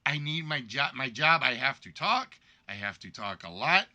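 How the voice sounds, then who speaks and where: Congested, bright-voiced man with a cold. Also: medium pitch, very animated, normal speed. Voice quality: weakened, congested voice. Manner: rambling, apologetic storytelling. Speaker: game show host. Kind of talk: casual livestream chat.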